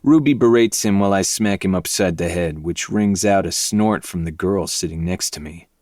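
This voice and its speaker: A man reading a dark novel aloud in first person, with low, intense, brooding delivery. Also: moderate pace, no echo, clean studio sound. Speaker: podcast host reading a novel.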